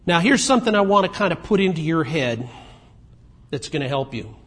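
A man preaching a sermon in a conversational way, moving between emphatic points and quiet asides. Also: fairly high pitch, animated, brisk. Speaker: pastor.

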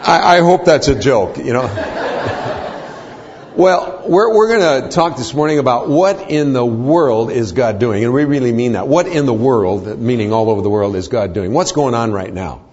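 Older male guest speaker, husky and folksy, joke-telling; muffled and reverberant in a hall. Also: mid-range voice, normal speed, darkish tone. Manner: folksy, joking storyteller. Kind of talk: church talk with humor. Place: church.

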